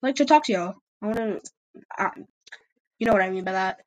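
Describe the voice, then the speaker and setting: A woman's voice: mid-range voice, brisk, slight background noise, low-quality recording. A young woman signing off a fan story podcast in casual chat, rambling with lots of ums. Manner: rambling, many ums, giggly.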